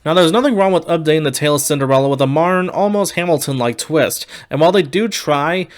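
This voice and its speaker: Young male film reviewer with a slightly raised pitch and a candid, wry delivery. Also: fast. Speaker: movie reviewer. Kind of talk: casual video review.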